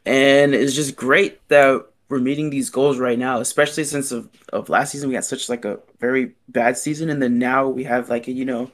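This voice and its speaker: A young man with a mid-pitched voice co-hosts a casual soccer fan podcast. He talks in an easygoing, upbeat way, full of "like" and "you know.". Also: flat delivery, normal speed, hardly any pauses. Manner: easygoing, upbeat, lots of "like" fillers. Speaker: podcast co-host.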